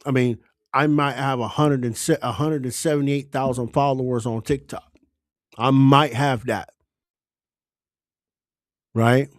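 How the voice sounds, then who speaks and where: Political commentator, male, mid-pitched, dry close sound, fervent and exhorting in delivery. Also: steady tone, unhurried, long pauses, dry recording. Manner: fervent, exhorting, rising to urgent appeals. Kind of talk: impassioned political monologue.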